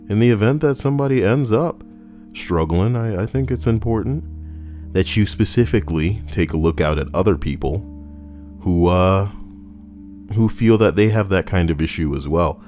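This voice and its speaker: A man's voice: deep voice, a little mellow. Rambling, profane young man. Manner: rambling, profane, jokey, talks to himself. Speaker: channel host. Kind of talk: casual commentary video.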